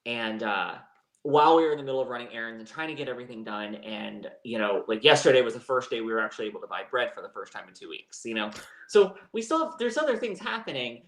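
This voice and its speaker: A man's voice: fairly low pitch, fast talker, fairly bright tone, reverberant. A man co-hosting a live chat show, telling a personal story in a candid, rambling way. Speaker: co-host. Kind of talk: casual chat.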